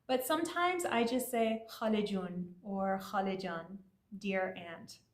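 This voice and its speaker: A woman's voice: mid-range voice, measured pace, roomy sound. A woman teaching learners in a friendly, explanatory way, with casual fillers. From Iranian family. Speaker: language teacher.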